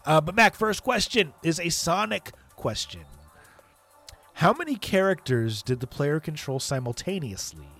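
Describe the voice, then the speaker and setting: Animated man co-hosting a gaming stream. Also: fairly high pitch, unhurried, soft background music. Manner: lively, upbeat, animated delivery. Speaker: co-host of a live gaming show. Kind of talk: casual live-stream chat.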